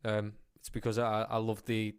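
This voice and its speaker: A man's voice: on the low side, monotone, moderate pace, clear, resonant tone, dry recording, clean studio sound. A young man from Liverpool with a Scouse accent, a guest singer chatting easygoingly in a radio interview, rambling with fillers. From Liverpool, England.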